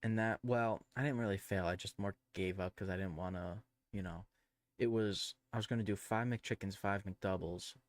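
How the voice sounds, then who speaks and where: Laid-back low-voiced male streamer. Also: steady tone, moderate pace. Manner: laid-back, crude slang, lots of fillers and restarts. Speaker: live streamer. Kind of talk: casual rambling storytelling.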